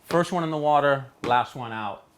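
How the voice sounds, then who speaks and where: A middle-aged man from Hawaii, telling stories in a studio interview with animated delivery, jumping into voices for quoted people. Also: normal speed, slight background noise. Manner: animated, acts out quotes with big pitch jumps. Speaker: interview guest. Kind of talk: storytelling in a casual interview.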